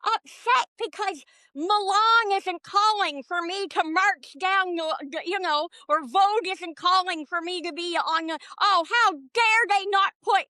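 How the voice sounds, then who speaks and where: High-pitched, bright, profane woman ranting. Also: unhurried, no echo. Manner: animated, profane, self-mocking rants. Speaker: podcast guest. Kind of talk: casual podcast conversation.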